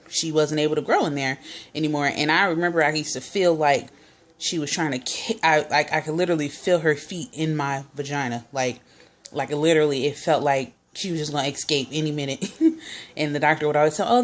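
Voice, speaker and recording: A woman's voice: deep voice, fairly quick. A young woman vlogger casually telling a personal story, chatty, full of fillers and quoted dialogue.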